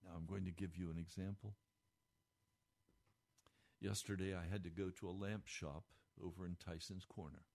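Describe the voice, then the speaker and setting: Man, radio preacher, fervent devotional talk, lowish voice. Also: steady tone, normal speed, gravelly, pauses often, a little mellow. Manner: fervent, rising pitch with emotion. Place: radio studio.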